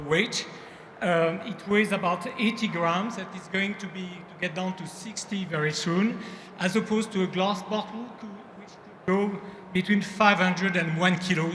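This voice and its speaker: A man with a French accent giving a startup pitch on stage in a halting, apologetic way. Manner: halting, apologetic, hesitant delivery. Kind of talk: business pitch presentation. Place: large exhibition hall stage. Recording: echoey hall with background noise.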